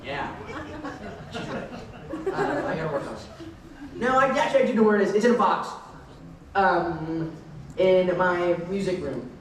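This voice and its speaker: A young celebrity guest answers fan questions at a convention panel in a high-pitched, expressive voice, keeping a measured pace with long pauses. He rambles, restarts sentences, and laughs in asides, captured from far off in an echoey hall with noisy background.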